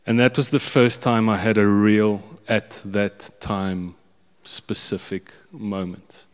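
A man preaching at an unhurried pace, telling a personal story. He restarts his sentences often and chuckles between them, and a long hall reverb trails after his voice. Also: on the low side, level tone, smooth. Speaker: pastor. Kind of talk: sermon.

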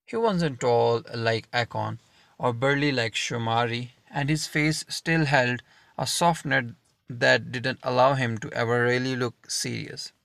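Slow, gravelly male audiobook narrator. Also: mid-range voice, fairly bright tone, no echo. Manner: slow, measured reading with deliberate pauses.

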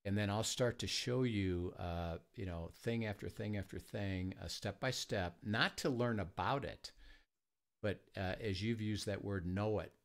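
A man who leads a ministry tells stories in a conversation, halting often with fillers and restarts and acting out the quoted dialogue. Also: on the low side. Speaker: ministry leader. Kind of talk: conversational storytelling.

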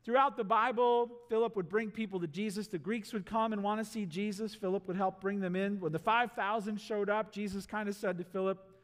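A male pastor preaching a sermon in a church, animated, asking the congregation questions and acting out voices. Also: sits high, a little fast. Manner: animated, acts out voices and asks the crowd rhetorical questions. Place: church sanctuary. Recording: long hall reverb in a church.

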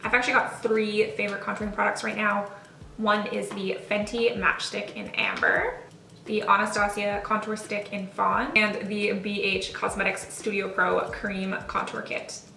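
A woman's voice: medium pitch, moderate pace, creaky, pushed and bright. A woman chatting casually through a makeup tutorial, friendly and self-deprecating. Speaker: beauty vlogger. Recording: roomy, distant mic, faint music.

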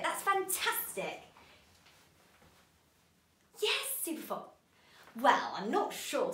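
A woman teaching a children's phonics lesson, animated and encouraging, stretching out sounds slowly. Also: high voice, echoey room.

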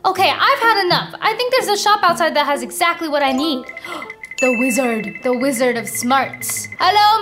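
A young woman playing a video game, excitedly commenting and reading the game's lines aloud to her viewers. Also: high voice. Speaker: gaming video host. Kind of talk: playful gameplay commentary. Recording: game music playing behind voice. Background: game music.

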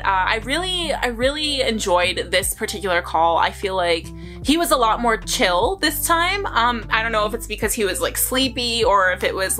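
A woman's voice: medium pitch, sharp tone. A young woman vlogger telling a story to her viewers in a casual, rambling way, with lots of fillers and bursts of laughter.

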